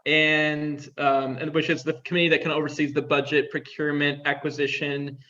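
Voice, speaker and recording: On a dull lo-fi recording, a young male interview guest chats through his stories, using "like" constantly. His voice is highish, bright and forceful, brisk but flat in delivery.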